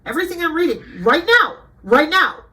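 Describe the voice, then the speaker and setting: A woman's voice: very high voice, animated, normal speed, bright, forceful tone, rough recording. A woman reading aloud from a web page and commenting, indignant and lecturing at times. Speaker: online commentator.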